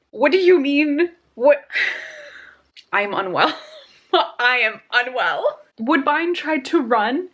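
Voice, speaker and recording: A woman's voice: fairly high pitch, slightly rough. A young woman vlogging about a book she is reading, talking casually and getting emotional, sighing and exclaiming.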